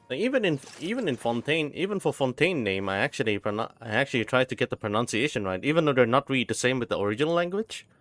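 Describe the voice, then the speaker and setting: A young man streams a game and talks casually, trailing off and starting his sentences again. He works through hard names slowly, sound by sound. His voice sits at an ordinary middle pitch, with faint music playing behind him. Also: a bit bright. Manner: rambling, many restarts, sounding out words.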